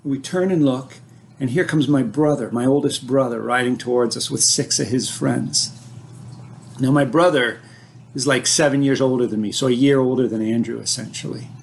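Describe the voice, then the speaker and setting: A man telling a personal childhood story like a scene from a movie, vivid and dramatic, with frequent restarts as he builds to an excited high point. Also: normal speed, gravelly, slight background noise.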